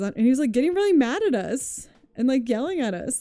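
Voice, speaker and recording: A woman's voice: fairly high pitch, sing-song, fast, few pauses, warm tone, no echo. A woman streamer chatting casually with her viewers, telling rambling stories full of "like", swearing and frequent laughter.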